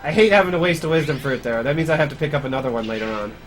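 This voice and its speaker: A man's voice: mid-range voice, lively intonation, very fast, over music. A man giving casual live commentary on his speedrun, chatty and grumbling about mistakes. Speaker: speedrunner streamer.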